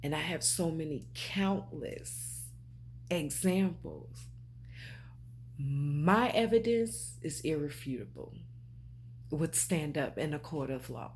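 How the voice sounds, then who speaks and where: A woman's voice: deep voice, expressive, slow, a little hiss or hum. A woman talking straight to her viewers, emphatic and preachy, repeating her points and calling them babe and honey. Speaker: spiritual vlogger. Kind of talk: direct-to-camera talk.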